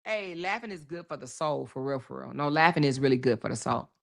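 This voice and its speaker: A woman hosting a casual livestream, reading viewer comments aloud, laughing often and talking loud and profane. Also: extremely low pitch, lively intonation, fast talker, gravelly. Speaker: livestream host.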